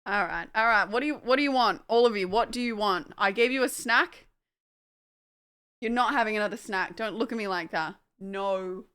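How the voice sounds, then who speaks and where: A woman's voice: medium pitch, normal speed, fairly bright tone, smooth. A young woman casually chatting on a livestream at home, distracted by her dogs, swearing and laughing.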